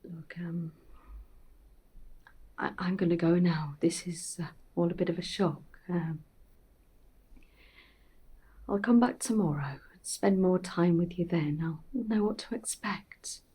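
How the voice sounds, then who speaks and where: A grieving middle-aged mother. Her voice is husky and dark, and she speaks in a soft, halting hush that often slips into a whisper. The delivery is gentle and intimate. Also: lowish voice, full character voice. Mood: hushed, tender. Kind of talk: film drama monologue.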